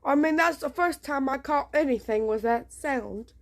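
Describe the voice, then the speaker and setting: A woman's voice: sits high, moderate pace, few pauses. Jumpy, swearing woman vlogger at home. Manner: rambling, jumpy and swearing often. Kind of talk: casual home vlog. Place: dark room at home.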